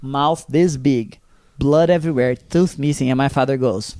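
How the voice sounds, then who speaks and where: A young man from Brazil co-hosting a podcast, telling a story in a casual, animated way, acting out the people in it and swearing freely. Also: medium pitch, normal speed, dry recording, clean studio sound. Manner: animated, acts out quoted voices, swears freely. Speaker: podcast co-host.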